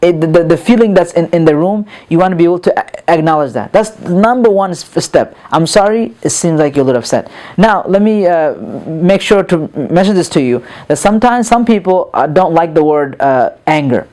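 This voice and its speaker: A middle-aged man teaching a lesson on calming angry people, earnest, repeating words and restarting sentences, with many fillers. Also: fairly high pitch, moderate pace, few pauses. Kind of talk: lecture on calming anger.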